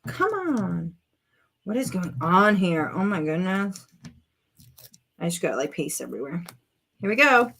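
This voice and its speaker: Woman doing a craft vlog at home, chatty, talks through every step, gets excited about colors. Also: fairly low pitch, a little slow, creaky, pauses often, a little hiss or hum. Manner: chatty, self-narrating while working, exclaims over colors. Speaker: craft vlogger. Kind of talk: casual crafting chat to viewers.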